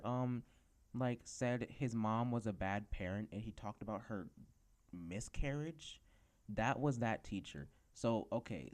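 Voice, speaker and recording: A teenage boy with a notably low voice tells school stories in a loose, rambling podcast rant. He talks casually and fills the gaps with ums and likes. He sounds unpolished and chatty. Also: darkish tone. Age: teens. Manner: rambling storytelling with many fillers. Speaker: podcast host.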